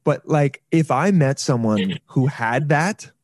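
A man's voice: mid-range voice, expressive, takes it slowly, no echo, studio quality. A man hosting a podcast, chatting casually over a video call, joking and trailing off into restarts. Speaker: podcast host. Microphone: headphones on a video call.

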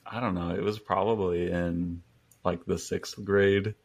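Low gravelly young man telling stories. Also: steady tone, unhurried. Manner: rambling, chuckles through his stories. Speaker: podcast guest. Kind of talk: casual storytelling chat.

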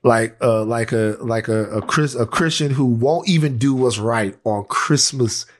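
A male podcast co-host from Louisiana telling a story in casual, animated chat, swearing freely. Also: medium pitch, measured pace.

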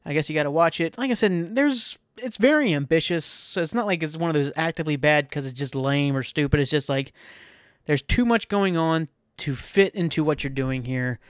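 A man's voice: on the high side, moderate pace, no room sound, studio quality. A young man hosting a podcast alone, rambling casually and profanely and laughing often. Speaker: podcast host. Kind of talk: casual solo monologue.

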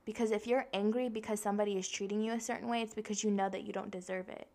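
A woman's voice: medium pitch, steady tone, racing, creaky, darkish tone. A young woman hosting a casual self-help podcast, blunt and profane, talking straight to her listeners and acting out the voices she quotes. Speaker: podcast host.

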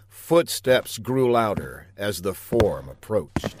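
A man narrates a comic spy story, landing his puns with a deadpan delivery. His pitch moves in a lively way from line to line. The sound is close and dry, with no room in it. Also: takes it slowly, hardly any pauses, husky, no echo. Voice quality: deadpan, pun-heavy delivery.

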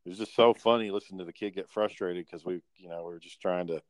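A young man with a low voice rambles through a casual podcast chat, swearing and filling pauses with "you know". The recording is dry and close, with no room sound. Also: fairly even intonation, no echo, low-quality recording. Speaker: podcast co-host.

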